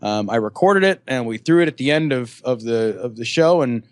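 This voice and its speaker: A man guesting on a podcast, talking in a profane, animated ranting way. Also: mid-range voice, moderate pace, smooth, no room sound. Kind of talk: casual podcast chat.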